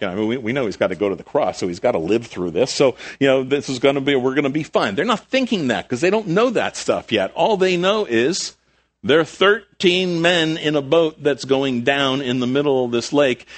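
A middle-aged male pastor preaching in a relaxed, conversational way. His voice sits at an ordinary pitch, then jumps up for emphasis and sinks low and soft for reflective points. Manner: conversational, animated with sudden rises and soft drops. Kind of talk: sermon.

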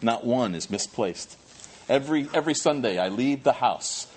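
A man preaching a sermon as pastor, animated, moving from quiet asides to loud emphatic questions. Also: mid-range voice, moderate pace, slight background noise.

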